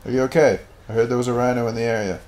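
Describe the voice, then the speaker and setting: A man giving goofy, crude gameplay commentary with sudden loud outbursts. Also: mid-range voice, steady tone, very fast, a little hiss or hum. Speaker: gaming channel host.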